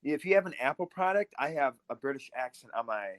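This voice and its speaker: A man's voice: mid-range voice, animated, brisk, no echo. A man hosting a podcast, talking casually and laughing as he speaks. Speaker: podcast host.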